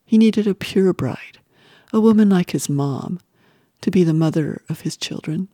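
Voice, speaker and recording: A woman's voice: fairly low pitch, dry recording. Woman narrating a story, dry close sound. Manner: measured, expressive reading with whispered asides. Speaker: audiobook narrator. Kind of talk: scripted narration.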